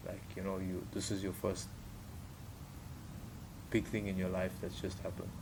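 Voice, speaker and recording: A man's voice: low voice, normal speed, creaky, a little hiss or hum. A man in his thirties with a South African accent, telling stories casually as a podcast guest, acting out quoted voices. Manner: animated, acts out quoted voices with laughter. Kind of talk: casual storytelling.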